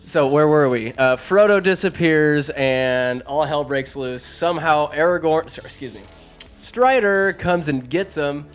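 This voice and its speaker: A man hosting a podcast, recapping a film in an animated, joking way, swearing and doing goofy character voices. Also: a little high, unhurried, clear, resonant tone, soft background music. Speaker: podcast host. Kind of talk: comedic movie recap. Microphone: phone.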